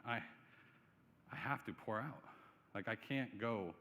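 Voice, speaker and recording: A man's voice: lowish voice, animated, unhurried, sharp tone, long reverb tail, a little hiss or hum. A male pastor preaching a sermon in a conversational way, asking the room rhetorical questions. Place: church sanctuary.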